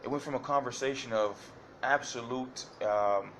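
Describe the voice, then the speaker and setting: Addressing the judge, a man testifies in detail while stumbling through fillers, restarts, and repetition. He has a medium-pitched, slightly bright voice at normal speed, and a little hiss or hum is audible.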